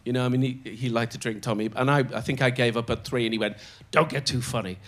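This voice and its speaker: An older man telling show-business anecdotes as a guest on stage, animated and often laughing as he slips into other people's voices. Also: medium pitch, quick pace. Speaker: comedian guest. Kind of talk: storytelling anecdotes in conversation. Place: on stage in a theatre before a live audience.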